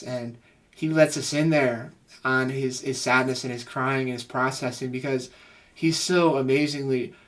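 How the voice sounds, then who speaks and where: Male therapist, mid-pitched voice, earnest and gushing reaction commentary. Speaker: psychotherapist reacting to music.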